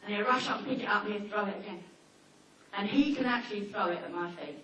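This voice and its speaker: A woman talking informally to a seminar audience about dogs, chatty and anecdotal, slipping into quick acted-out asides. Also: mid-range voice, sharp tone. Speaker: dog behaviour trainer giving a seminar. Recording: echoey hall, mic far off, faint noise.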